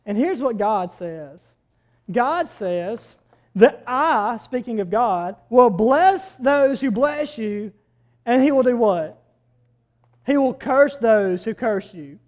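High-voiced man preaching. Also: takes it slowly. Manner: animated, swings between loud outbursts and quiet asides. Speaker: pastor. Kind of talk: storytelling sermon.

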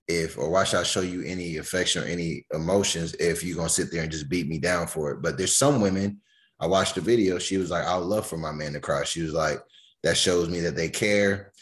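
A man co-hosting a podcast, telling stories in relaxed casual chat and retelling what friends said. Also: sits low, fairly quick. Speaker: podcast co-host.

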